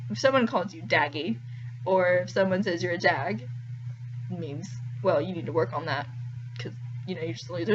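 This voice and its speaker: A woman's voice: mid-range voice, a bit bright, a little hiss or hum. Woman, young adult, casual vlog, self-deprecating, chatty, lo-fi home audio. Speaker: vlogger. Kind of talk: casual talking-to-camera vlog.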